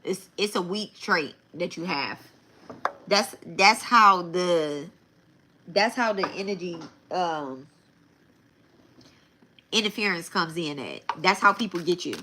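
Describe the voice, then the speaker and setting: A woman reading tarot on a live stream, talking casually and bluntly with plenty of restarts. Her voice sits on the low side yet sounds bright and forceful. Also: slow pace, pauses often, a little hiss or hum. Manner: casual, repeats and restarts phrases; blunt, swears. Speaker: tarot reader.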